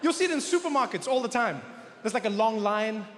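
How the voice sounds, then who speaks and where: A man with a South African accent performing stand-up comedy, telling an animated story and acting out the other people in it. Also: high-pitched, fairly quick, a little hiss or hum.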